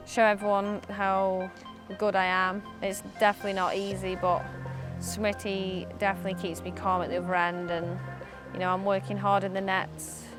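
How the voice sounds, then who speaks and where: A woman cricketer, giving candid, chatty interview answers with easy laughter. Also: medium pitch. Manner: chatty and upbeat, laughs easily. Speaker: professional cricketer. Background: background music.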